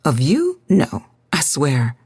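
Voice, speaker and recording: A woman's voice: sits low, huge pitch swings, slow pace, darkish tone, slightly rough, no echo, full character voice. A woman doing a sheepish, apologetic young man.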